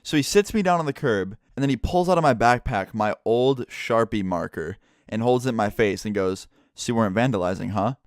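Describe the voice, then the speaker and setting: A young man telling a story in a blunt, animated way, swearing at times. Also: mid-range voice, normal speed, clean tone, no echo, studio quality. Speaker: vlogger. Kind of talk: casual storytime.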